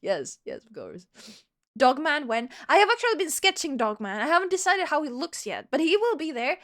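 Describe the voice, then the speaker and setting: A woman's voice: high voice, sing-song, a little fast, a bit bright. A woman live streamer chatting casually with her viewers and telling a rambling story, laughing often.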